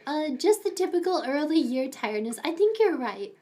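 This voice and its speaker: A woman's voice: big pitch swings, moderate pace, dark tone. A young woman streaming from home, chatting casually with her viewers and talking to her pets now and then. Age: young adult. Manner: chatty, talks to her pets in a high baby voice. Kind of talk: casual livestream chat.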